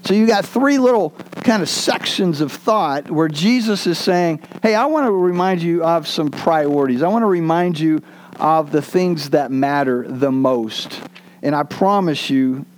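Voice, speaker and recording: A man delivers a sermon to his congregation in a relaxed, folksy way, chuckling now and then. His voice sits a little higher than most men's. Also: measured pace, slight background noise. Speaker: pastor. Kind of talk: sermon with joke and scripture reading. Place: church.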